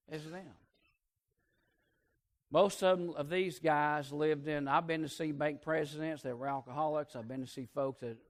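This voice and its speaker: Pastor guy preaching, kinda high voice, folksy stories, gets loud then real quiet. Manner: folksy storytelling, swinging between loud emphatic peaks and hushed low asides. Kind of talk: sermon.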